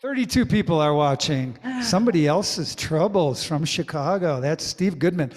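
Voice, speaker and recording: Older guy singing and rambling jokes over his guitar, slightly high voice, long echo on it. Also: expressive, moderate pace. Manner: rambling, chatty storytelling between songs. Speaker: singer-songwriter and comedy host. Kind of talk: live-streamed comedy music show.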